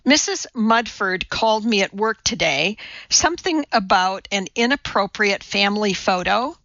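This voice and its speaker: A woman's voice: mid-range voice, lively intonation, moderate pace, sharp tone, no echo, highs cut off. A woman reading the part of a confident woman who hosts a TV cooking show and raises a daughter, firm and matter-of-fact. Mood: gentle. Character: confident, brisk woman TV cooking host and mother.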